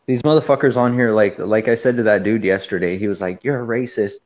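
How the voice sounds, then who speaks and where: A man's voice: lowish voice, fast, highs cut off, crowd noise. A man ranting casually on a livestream, telling a long story in a heated, profane and rambling way.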